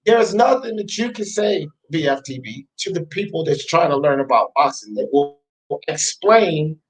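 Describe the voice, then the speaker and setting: A man's voice: a little high, expressive, normal speed, low-quality recording. A man hosting a sports talk show, ranting scornfully and emphatically, repeating his jabs.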